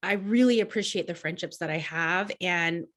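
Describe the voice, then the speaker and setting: A woman's voice: on the low side, normal speed, a bit bright. A woman co-hosting a podcast, chatting casually about astrology and feelings in a talkative style with many "like"s and restarts. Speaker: podcast co-host.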